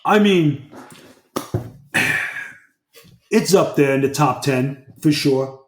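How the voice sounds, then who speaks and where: A man's voice: fairly high pitch, extremely slow. A man co-hosting a podcast as a mob historian, talking bluntly and profanely in a rambling way. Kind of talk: casual podcast chat. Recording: roomy echo.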